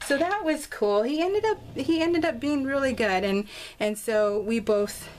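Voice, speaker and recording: Middle-aged woman rambling through a story at her craft desk, kinda high voice, lots of restarts, little bit of hiss. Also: animated, measured pace. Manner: chatty, laughing, restarts a lot, acts out quotes. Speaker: scrapbooking vlogger. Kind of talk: casual storytelling over a craft process video. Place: home craft room with dogs nearby.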